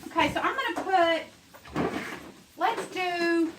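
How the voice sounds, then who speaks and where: A woman's voice: extremely high pitch, takes it slowly, heavy background noise. A woman chatting her way through a home cooking demonstration, rambling and talking straight to her viewers in her kitchen.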